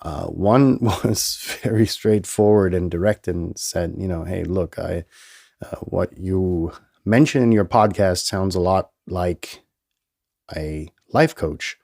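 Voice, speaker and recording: A man hosts his own podcast, rambling and swearing and laughing at himself. He talks slowly in a very low voice that still sounds a little nasal from a cold. The close mic is dry, with no room sound. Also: gravelly, a little mellow, no echo. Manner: rambling, profane, self-amused. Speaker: podcast host. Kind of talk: casual solo podcast monologue. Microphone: headphones and studio mic.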